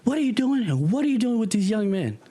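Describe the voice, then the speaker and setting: A woman's voice: a little high, sing-song, quick pace, mellow, pitched above the performer's own voice. A man voicing a fierce retired woman dance teacher in her sixties who scolds the police. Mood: indignant. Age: 60s.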